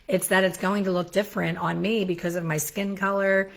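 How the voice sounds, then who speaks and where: A middle-aged woman hosting a casual solo talk about hair color, chatty and self-deprecating with animated asides. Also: mid-range voice, a little fast, vocal fry. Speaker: hair colorist educator, show host. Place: home in Florida.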